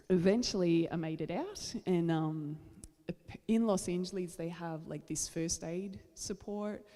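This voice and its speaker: A woman's voice: deep voice, warm tone, big-room sound. An Australian woman telling a story from the stage at a concert, casual and self-deprecating, with plenty of ums and small laughs. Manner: chatty, self-deprecating, many fillers. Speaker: singer-songwriter. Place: large church.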